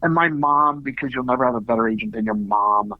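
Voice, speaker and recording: A middle-aged man, an actor being interviewed, telling animated stories with quick asides. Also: medium pitch, dry recording. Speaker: actor guest. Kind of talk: casual interview storytelling. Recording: dull lo-fi audio.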